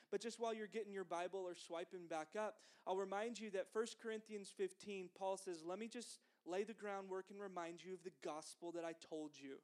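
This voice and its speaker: A man preaching a sermon in a conversational, emphatic way, with dry asides. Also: high voice.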